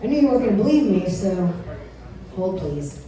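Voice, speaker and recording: A woman's voice: mid-range voice, sing-song, brisk, background noise. Bawdy woman comic in an echoey club. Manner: bawdy, laughs at own jokes, acts out dialogue. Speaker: stand-up comedian. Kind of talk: stand-up comedy set. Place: comedy club stage. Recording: very echoey club, recorded from far off.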